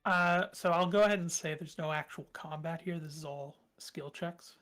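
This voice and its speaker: A woman narrating a tabletop game as game master, hesitant, with many ums and pauses. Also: low-pitched, fairly bright tone, faint music behind.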